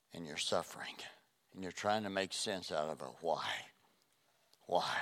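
A middle-aged man preaching a sermon, swinging between loud emphatic passages and soft, hushed ones. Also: low voice, clean tone.

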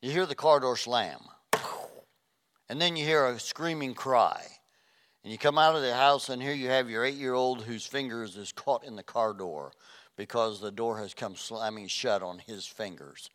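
A middle-aged man preaching a sermon, swinging between loud emphatic passages and soft, hushed ones. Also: mid-range voice, moderate pace.

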